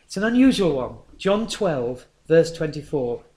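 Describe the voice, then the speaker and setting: A man's voice: on the high side, very animated, unhurried, dark tone. A man preaching a sermon in a conversational storytelling manner.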